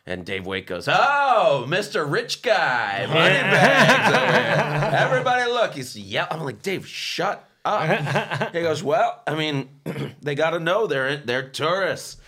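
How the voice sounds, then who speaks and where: Lower-voiced man hosting casual chat. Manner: relaxed storytelling, quick laughs, put-on voices in quotes. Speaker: podcast host.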